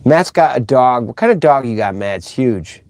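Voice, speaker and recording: A man's voice: medium pitch, lively intonation, normal speed, a little mellow. A middle-aged man hosting a casual live stream, rambling and chatty as he reads out viewer comments.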